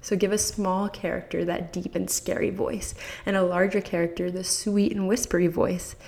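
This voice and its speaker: A woman's voice: on the low side, flat delivery, moderate pace, gravelly, darkish tone. A woman hosting a podcast who gives parents enthusiastic, encouraging advice and speaks straight to the listener. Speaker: podcast host.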